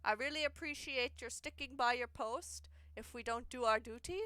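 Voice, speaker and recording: A woman reading a game letter aloud as a male chief engineer, in a slow, uncertain put-on British accent. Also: a little high, bright, forceful tone, no echo. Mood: earnest.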